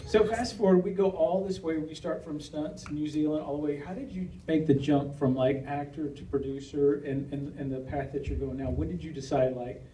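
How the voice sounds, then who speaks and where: A man's voice: on the high side, fairly even intonation, moderate pace, hardly any pauses. A man moderating a live panel and audience Q&A, asking questions in a loose, casual way. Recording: echoey hall, distant mic, loud noise.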